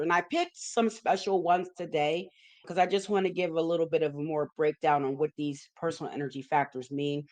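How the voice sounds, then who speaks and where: A woman hosting a numerology forecast, talking straight to her viewers. She explains step by step, repeats her key points for emphasis and keeps checking that listeners are following. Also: low-pitched. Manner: emphatic and repetitive, checks in with "okay?". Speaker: numerology forecaster, show host. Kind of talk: video forecast talk with slides.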